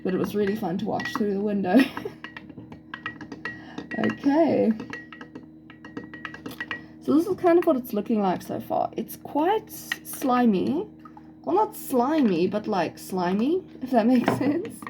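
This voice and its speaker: A woman's voice: mid-range voice, very animated, moderate pace, creaky, long pauses, over music, low-quality recording. Chatty young South African woman. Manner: chatty, giggly, thinks aloud. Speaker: student doing a science experiment. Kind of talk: casual narration of a home experiment. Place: home kitchen. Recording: kitchen clatter of dishes and cutlery audible.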